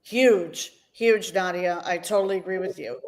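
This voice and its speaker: A woman's voice: fairly low pitch, moderate pace, a crowd in the background, poor audio. A woman hosting a podcast interview who eagerly agrees with her guest and reads out viewer comments. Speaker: podcast host. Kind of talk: casual interview chat.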